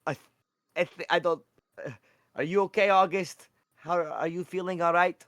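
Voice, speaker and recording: A man voicing a small, squeamish and kind female furry cleric who shrieks when upset and then gently reassures her friend. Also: high voice, steady tone, moderate pace, pitched above the performer's own voice. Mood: queasy.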